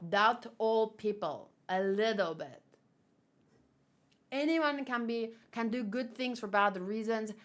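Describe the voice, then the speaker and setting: A woman's voice: on the high side, slow. Chatty young woman hosting a read-along. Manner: chatty, exclamatory, loose asides. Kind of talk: casual comic read-along commentary.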